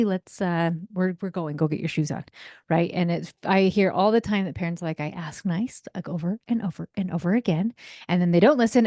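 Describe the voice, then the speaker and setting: A woman in her thirties, a parenting coach hosting a podcast, talking in a chatty, animated way and briefly acting out what kids and parents say. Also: mid-range voice, no room sound, studio quality. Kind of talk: casual solo podcast talk. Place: home in a desert region.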